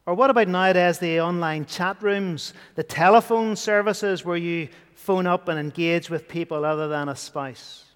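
A man preaching a sermon in an earnest way, sometimes dropping to a hushed voice for emphasis. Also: high voice, moderate pace, hardly any pauses, clean tone. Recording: long hall reverb.

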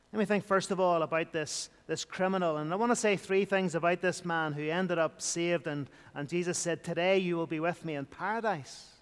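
A man's voice: high-pitched, smooth, long reverb tail. A man preaching an evening sermon in an earnest, repetitive style, building emphasis as he goes.

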